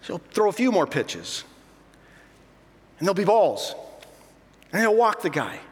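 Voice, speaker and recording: A middle-aged pastor telling self-mocking stories in an animated sermon. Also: male voice, sits high, a little slow, in a large hall.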